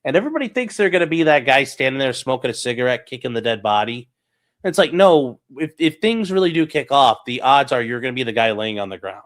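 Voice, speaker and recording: A man's voice: medium pitch, lively intonation, fast talker. A man co-hosting a casual political podcast, talking animatedly, swearing and mimicking people with mocking voices. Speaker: podcast co-host.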